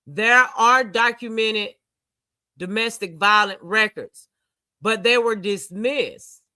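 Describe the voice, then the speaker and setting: A woman's voice: fairly high pitch, bright, forceful tone, dry recording. A woman hosting a livestream, giving blunt, slangy commentary on a case and often breaking into laughter. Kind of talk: casual reaction commentary.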